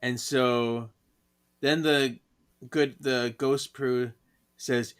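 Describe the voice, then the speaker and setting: Male podcast co-host, mid pitch, slow easygoing delivery, animated when quoting characters. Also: clear, resonant tone. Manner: acts out characters' lines in raised voices, laughs often. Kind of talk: casual chat retelling a comic.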